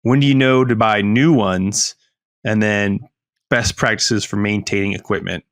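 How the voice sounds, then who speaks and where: A man with a fairly low voice reads listener questions aloud in an easygoing way and drops the odd dry joke. The sound is dry and close, with no room around it. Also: fairly even intonation, unhurried, no echo. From United States. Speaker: podcast co-host. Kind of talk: casual chat.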